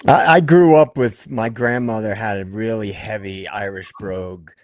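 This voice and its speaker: A man's voice: on the low side, steady tone, moderate pace, no echo, studio quality. A man from Brooklyn on a live stream panel, chatting and telling anecdotes. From Brooklyn, New York. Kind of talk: casual panel chat.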